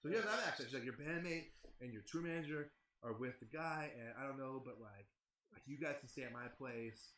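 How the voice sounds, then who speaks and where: A man's voice: mid-range voice, lively intonation, a little fast, bright, forceful tone, echoey room. A man telling a rambling, profane story in casual chat, with a lot of "like". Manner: rambling, heavy swearing, lots of "like". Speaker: band member telling a tour story.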